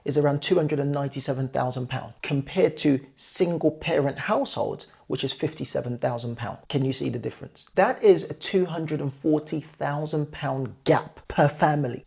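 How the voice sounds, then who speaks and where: Man, property investor, gravelly, husky, mellow tone, earnest, emphatic. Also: on the high side. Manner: earnest, emphatic with figures, addresses viewers directly. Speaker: property investor and channel host. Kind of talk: explanatory talk to camera.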